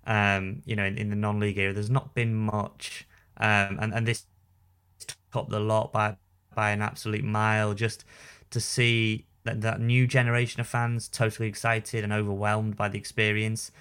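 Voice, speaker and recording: A man co-hosting a podcast in casual chat, talking haltingly with many restarts and repeated words. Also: lowish voice, little pitch movement, a bit bright, clean tone. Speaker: podcast co-host, newspaper writer.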